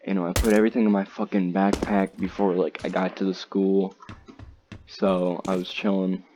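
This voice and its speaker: Teen boy, deep and slow, casual profane storyteller, muffled lo-fi recording. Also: warm tone. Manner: rambling, profane, frequent "like" and "dude". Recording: slightly dull lo-fi audio, faint noise.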